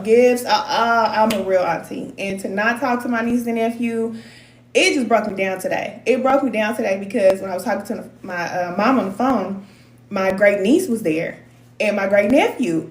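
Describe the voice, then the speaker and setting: A woman's voice: mid-range voice, a little hiss or hum. A middle-aged woman giving spiritual advice to her viewers in a candid, emotional, slangy way. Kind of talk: casual heartfelt talk to viewers. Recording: roomy echoey sound.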